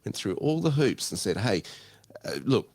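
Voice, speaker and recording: Lower-voiced guy, swoops all over, laughing while he complains, dry close sound. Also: moderate pace, no echo. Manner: expressive storyteller, laughs through his complaints. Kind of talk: casual panel chat.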